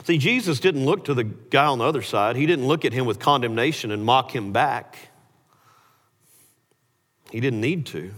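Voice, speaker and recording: A man preaching a sermon, animated, his voice rising sharply when he voices quoted words. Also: medium pitch, normal speed, pauses often. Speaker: pastor. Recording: hall reverb.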